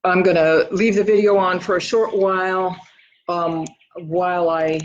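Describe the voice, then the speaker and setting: A woman's voice: fairly low pitch, steady tone, echoey room, highs cut off. A woman from the United States, a painter, chatting casually in her studio while thinking aloud, a little out of breath, recorded on a laptop. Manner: thinking aloud, rambling and halting. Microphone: laptop microphone.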